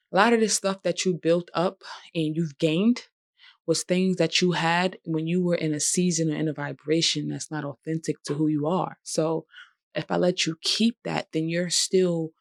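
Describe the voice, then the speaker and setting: A young woman vlogger reflects emotionally on healing and forgiveness, speaking in a heartfelt, conversational way that breaks into bursts of laughter. Her voice sits low, and the recording is dry and studio quality.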